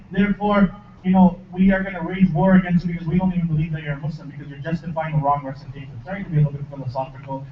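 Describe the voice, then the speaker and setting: A man's voice: high-pitched, far from the mic, dull audio. Man, mosque lecturer, engages audience with questions, echoey hall, faint noise. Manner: lively, asks the audience questions. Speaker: shaykh giving a lecture.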